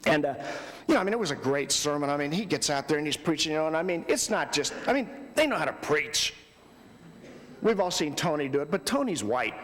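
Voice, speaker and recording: A man giving a conversational talk at a youth ministry convention, telling stories with loud bursts and quiet lows. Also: animated, fairly quick. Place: large hall before an audience. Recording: long hall reverb.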